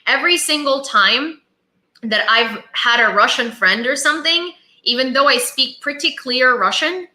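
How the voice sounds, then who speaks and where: A woman's voice: high voice, moderate pace, sharp tone, echoey room. A Ukrainian woman in her twenties with a Ukrainian accent, live-streaming impassioned commentary and chatting with viewers. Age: 20s. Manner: impassioned, emphatic, thanks viewers mid-rant.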